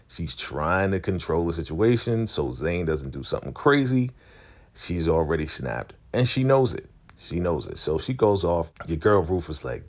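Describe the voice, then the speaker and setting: A man with a deep voice recaps a TV drama in a loose, slangy way. His pitch swings widely as he gets excited about each scene. He laughs often and talks straight to his viewers. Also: unhurried. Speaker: vlogger recapping a TV show. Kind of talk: casual TV recap.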